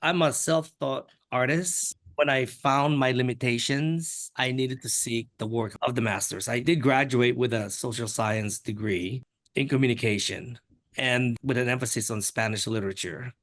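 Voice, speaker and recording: An older man from the Philippines, an artist talking candidly in an interview, frank and opinionated, with a pace that speeds up and slows down. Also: mid-range voice, fairly even intonation, fairly bright tone. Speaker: artist, podcast guest.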